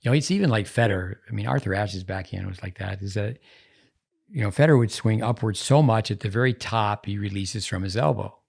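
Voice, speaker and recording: Brisk and a little mellow, his low, gravelly voice carries a casual podcast he hosts, rambling loosely between stories in a conversational, unpolished way.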